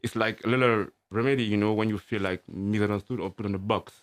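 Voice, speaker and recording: A man with a French accent hosting a radio interview, speaking halting non-native English and searching for his words. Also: lowish voice, steady tone. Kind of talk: casual interview. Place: radio studio.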